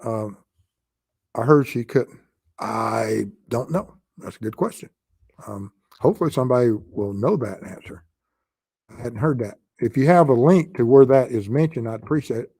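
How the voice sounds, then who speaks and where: A man with a Southern US accent hosting a true crime live stream, answering chat questions in a halting way with many pauses. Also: mid-range voice, dark tone, slightly rough, dry recording. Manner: halting, with frequent pauses and fillers.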